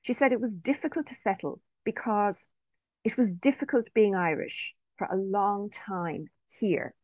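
A woman's voice: mid-range voice, a little slow, darkish tone, dry recording. A woman presenting interview research in an online talk, speaking carefully and reading participants' quotes aloud. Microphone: video call. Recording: dry, slightly dull online audio.

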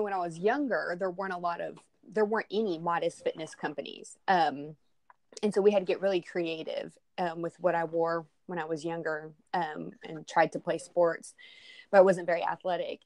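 Her voice sits fairly low and the audio carries no echo. She's a married Texas woman with a Southern Texas accent, a podcast guest in a relaxed interview who often hesitates, saying um and starting over.

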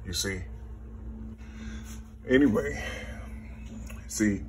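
Slow husky man musing on numbers. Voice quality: very husky, slow, low-key. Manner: keeps saying "you see", counts numbers half-aloud. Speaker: self-taught numerology teacher. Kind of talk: rambling spiritual monologue.

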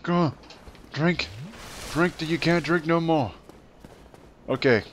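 A man hosting a let's play, giving excitable, taunting, profane gameplay commentary. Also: on the high side, slow pace, a little hiss or hum.

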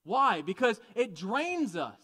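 A man preaching a conversational, animated sermon, often asking the congregation questions. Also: high voice, takes it slowly. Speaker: pastor.

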